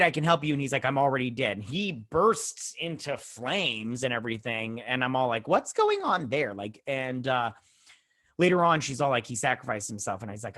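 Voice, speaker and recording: A man's voice: mid-range voice, fairly bright tone. Male host, chatty and rambling, retelling a TV episode from his home room. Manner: rambling, with many fillers and self-corrections; acts out characters' lines in quick paraphrase. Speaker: YouTube show host reviewing a TV episode. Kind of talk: casual episode recap. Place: home room, adjusting his own lights.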